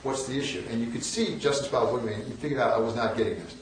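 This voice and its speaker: A man in his sixties from the northern United States gives a storytelling lecture as a guest speaker in a large hall, full of wry, self-deprecating anecdotes and frequent restarts. His mid-range voice moves very fast. The mic sits at a distance in the echoey room, with slight background noise.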